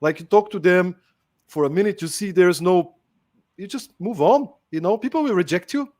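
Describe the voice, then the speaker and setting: A man hosts a podcast in a relaxed, chatty way, leaning on fillers as he talks. His voice sits a little higher than most men's. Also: normal speed. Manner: chatty, many fillers like "you know". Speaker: podcast host. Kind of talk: casual podcast conversation.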